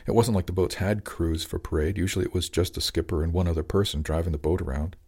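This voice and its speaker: Man, very low voice, calm audiobook narration. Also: quick pace, slightly rough.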